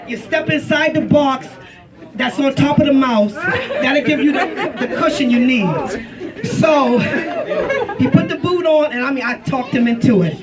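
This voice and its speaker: A middle-aged mother giving a farewell toast, telling an animated story and laughing often. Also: sits high, unhurried, distant mic, rough recording. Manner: animated, laughing through the story, acting out the shouting. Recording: loud party crowd around.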